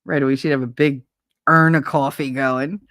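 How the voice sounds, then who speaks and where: A woman's voice: extremely low pitch, fairly even intonation, normal speed, a bit bright, dry recording, studio quality. Blunt, profane woman telling stories. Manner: blunt, profane, laughing anecdotes. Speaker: livestream host. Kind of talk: casual storytelling chat.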